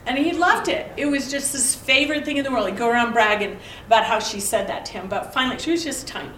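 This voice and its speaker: A woman's voice: on the high side, fast, fairly bright tone, a little hiss or hum. A middle-aged woman leads a conversational Bible lesson, asking her listeners pointed rhetorical questions and telling family anecdotes. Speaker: Bible study teacher. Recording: echoey room, mic at a distance.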